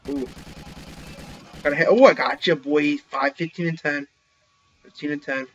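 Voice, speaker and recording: A young man giving excited live commentary while playing an online shooter, talking into a headset. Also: fairly high pitch, moderate pace, husky. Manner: excitable, reacting loudly to kills. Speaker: gaming channel host. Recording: slightly dull lo-fi recording.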